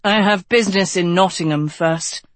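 An audiobook narrator voicing a young king who is impatient, stubborn and quick to take offense. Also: mid-range voice, dry recording, natural voice. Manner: impatient, insistent.

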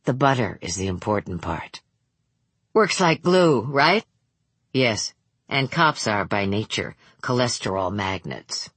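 A woman doing a clipped, deep-voiced female federal agent. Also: very animated, takes it slowly, a bit bright, husky, no echo, full character voice. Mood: matter-of-fact. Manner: clipped, matter-of-fact. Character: brisk, dry-witted female federal agent.

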